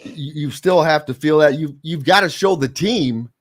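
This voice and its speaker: A man's voice: fairly high pitch, normal speed. A man hosting a sports radio show, chatting casually and animatedly with a guest.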